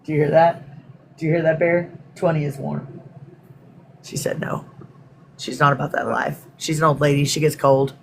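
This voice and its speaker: A woman's voice: deep voice, level tone, normal speed, vocal fry, pauses often, a little hiss or hum. A woman from Texas, hosting a spiritual livestream in a chatty, rambling way and greeting viewers by name. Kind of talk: casual livestream talk.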